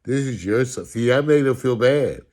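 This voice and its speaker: A man telling humorous stories about his upbringing in a sarcastic, animated way, with casual swearing. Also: medium pitch, moderate pace. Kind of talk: humorous storytelling talk.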